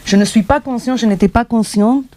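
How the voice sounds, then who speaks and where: Sex: woman. Origin: Argentina. Native: Spanish. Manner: quick and self-repeating, with a mellow, warm tone. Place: bookshop event. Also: fairly high pitch. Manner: quick, repeating words as she thinks. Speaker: author. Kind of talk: live discussion answer.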